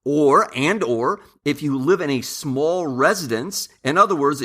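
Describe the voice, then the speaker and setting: An older man lecturing his viewers in a bright, forceful voice. He counts his points off one by one and leans hard on key words as he hands out blunt life advice. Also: a little high. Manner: emphatic, addresses listeners as "men", uses lists. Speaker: channel host. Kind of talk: advice monologue to camera.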